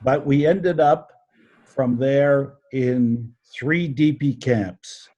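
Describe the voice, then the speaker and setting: A man in his seventies giving halting personal testimony on a video call, with many fillers and restarts. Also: mid-range voice, warm tone. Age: 70s. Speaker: panel guest. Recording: dull lo-fi video call audio.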